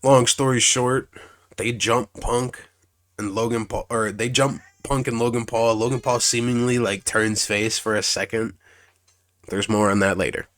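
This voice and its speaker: A man's voice: medium pitch, fairly even intonation, measured pace, a bit bright. A young man casually recapping wrestling shows, rambling, swearing, restarting sentences and acting out what others said.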